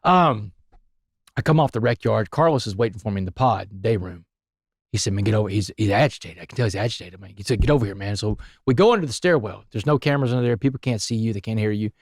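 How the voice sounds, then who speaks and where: A man, a podcast guest telling his story in an animated, emphatic way. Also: fairly low pitch, quick pace, no room sound, clean studio sound. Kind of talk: storytelling interview.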